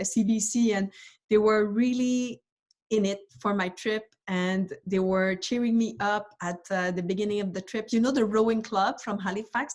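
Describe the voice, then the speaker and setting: A woman speaker shares a personal story with a live audience. She talks in an animated way, acts out the exchanges she describes, and her phrases stop and restart as she searches for words. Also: mid-range voice. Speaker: guest speaker, ocean rower. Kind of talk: storytelling on stage at a live event.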